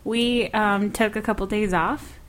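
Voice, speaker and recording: A woman's voice: mid-range voice, steady tone. Bubbly woman podcast co-host. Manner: chatty and bubbly, quick laughs. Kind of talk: casual chat. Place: home in Nashville.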